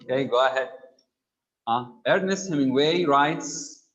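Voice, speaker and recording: A man's voice: medium pitch, unhurried, a bit bright, lo-fi sound. A man teaching an online English grammar class, explaining terms and checking in with students. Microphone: computer mic on a video call.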